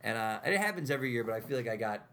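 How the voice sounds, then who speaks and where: Chatty young man with a lively voice. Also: medium pitch, racing, a little hiss or hum. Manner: chatty, laughs often, quizzes guests. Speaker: podcast host. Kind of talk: casual chat.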